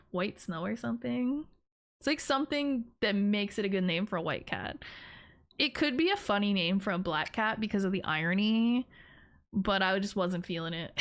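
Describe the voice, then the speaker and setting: A woman streaming live, chatting casually with her viewers in a rambling, giggly, playful way. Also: medium pitch. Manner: playful teasing of her chat.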